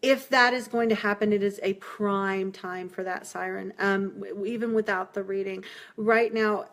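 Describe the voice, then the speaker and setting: A woman's voice: medium pitch, steady tone, moderate pace, a bit bright. A woman giving a live-streamed tarot reading, chatty and reassuring, laughing often as she talks to viewers. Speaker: tarot reader.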